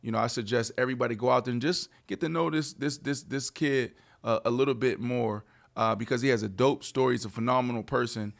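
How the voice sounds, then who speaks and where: A man's voice: medium pitch, fairly even intonation, fast, vocal fry. A man co-hosting a casual sports talk show, teasing his co-hosts and laughing often. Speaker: co-host.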